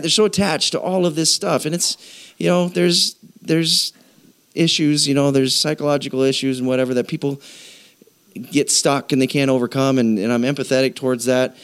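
A male pastor preaching a sermon, animated and conversational, slowing down and dropping low to drive points home. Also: smooth. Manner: animated storytelling, voices people in a high pitch, slows and drops low for emphasis.

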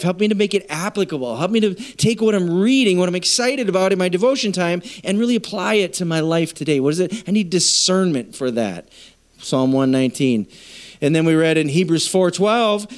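Male pastor, conversational sermon, slightly higher voice, storytelling. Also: expressive, normal speed. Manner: addresses congregation directly. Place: church.

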